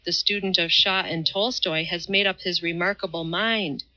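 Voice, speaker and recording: Audiobook role: woman reading a blunt, grim male duelist, dry delivery, bright tone. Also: on the low side, fairly even intonation, normal speed, dull audio. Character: grim, blunt atheist swordsman, grown man.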